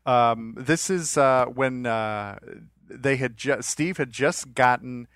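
A man's voice: medium pitch, slow, fairly bright tone, no room sound, clean studio sound. A man co-hosting a podcast, telling a story in a rambling, anecdotal way. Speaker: podcast co-host. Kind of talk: casual storytelling.

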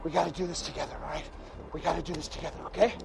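A man's voice: on the high side, level tone, rapid-fire, vocal fry, loud music behind the voice. An actor playing an unhinged rich father who frantically calls for his daughter, swinging between pleading and screaming.

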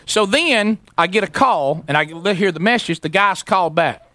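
A man telling a long animated story on a radio show, acting out the voices of the people in it. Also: high-pitched, moderate pace.

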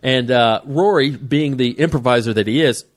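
A man co-hosting a podcast, telling a heated story in casual chat with an animated, worked-up manner. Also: medium pitch, normal speed. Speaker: podcast co-host, comedian.

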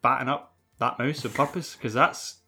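A man's voice: mid-range voice, fairly even intonation, normal speed, bright, forceful tone, slightly rough, soft background music. A man with a Scottish accent, co-hosting a podcast and recapping a film in a rambling, jokey, sweary way. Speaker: podcast co-host. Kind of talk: casual film recap chat.

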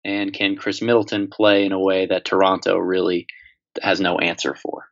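A man talks through basketball on a casual podcast. His delivery is steady and analytical. The recording sounds a little dull and lo-fi. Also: deep voice, normal speed, creaky. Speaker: podcast co-host. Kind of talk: casual sports podcast chat. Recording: slightly dull lo-fi audio.

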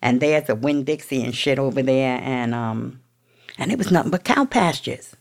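A woman's voice: a bass voice, animated, moderate pace. A middle-aged woman from New York, a guest telling her own story in a blunt, swearing, streetwise way. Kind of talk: candid storytelling.

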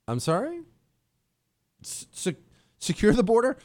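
A man hosting a talk radio show, joking about himself in an animated, self-mocking way. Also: sits high, a little slow. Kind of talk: casual talk radio monologue. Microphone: studio headphones.

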